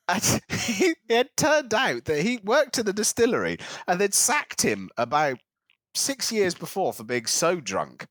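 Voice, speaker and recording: A man's voice: high voice, normal speed, no echo. Chatty guy telling a story, voice jumps all over, dry mic. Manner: animated anecdote teller, slips into character voices. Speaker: podcast co-host. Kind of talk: casual storytelling chat.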